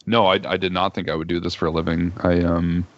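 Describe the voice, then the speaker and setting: A man's voice: low-pitched, little pitch movement, fast, dry recording, lo-fi sound. A man chatting casually as a guest on a livestream, joking and self-deprecating. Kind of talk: casual chat.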